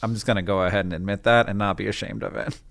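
A man in his forties co-hosts a podcast in a loose, playful chat. He jokes through silly mock sponsor reads, and his voice jumps up in pitch when he wants emphasis. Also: fairly even intonation, racing, gravelly, a bit bright, slight background noise. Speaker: podcast co-host.

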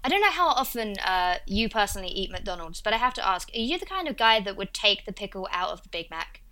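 Bright-voiced Essex woman chatting. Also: mid-range voice, fast talker. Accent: Essex English. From Essex, England. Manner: playful, animated, laughing. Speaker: podcast co-host. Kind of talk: casual podcast chat.

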